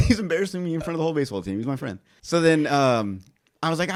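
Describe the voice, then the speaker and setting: Young man, podcast host, rapid speech, rambling and profane, casual storytelling. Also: fairly high pitch, expressive. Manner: rambling, profane, laughs through his story.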